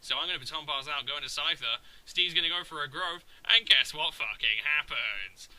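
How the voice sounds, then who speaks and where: A young man giving casual, rambling commentary over his own video game battles, swearing freely and getting excited. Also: fairly high pitch, fairly quick, low-quality recording.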